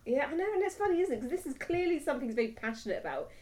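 A woman's voice: high-pitched, lively intonation, racing, a little mellow. A woman co-hosting a podcast, giggly and agreeable in casual chat. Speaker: podcast co-host.

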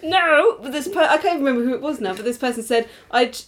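A woman co-hosting a podcast in casual chat, relaxed, laughing easily and trailing off at the ends of thoughts. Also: high voice, fast. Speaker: podcast co-host.

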